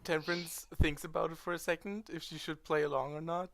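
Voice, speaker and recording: A woman's voice: low-pitched, steady tone, a little fast. A woman playing a tabletop game, describing her character's actions hesitantly and repeating words. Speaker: player.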